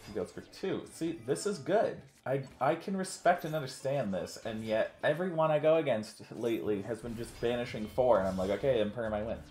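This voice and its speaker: A man's voice: mid-range voice, animated, normal speed, hardly any pauses, darkish tone. A man co-hosting commentary on a card game match, chatty and rambling, full of "like" fillers. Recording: roomy sound with faint music. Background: faint background music.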